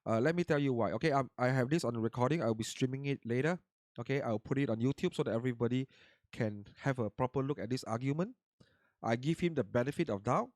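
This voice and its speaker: A man in a heated voice chat argument, speaking formally and insistently, repeating himself calmly. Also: medium pitch, fast, no echo, studio quality. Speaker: voice chat participant.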